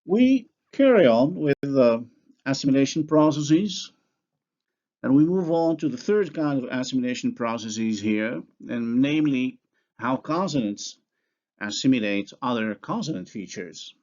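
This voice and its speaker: In a dull lo-fi recording of a linguistics lecture, a man speaks slowly and deliberately, taking care to sound out each example word. His voice is medium-pitched, expressive, and darkish in tone.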